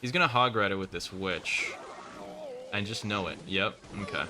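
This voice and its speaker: A man giving live commentary over his own gameplay, quick, sarcastic and profane, with joking rants. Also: on the low side, background noise. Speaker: gaming streamer.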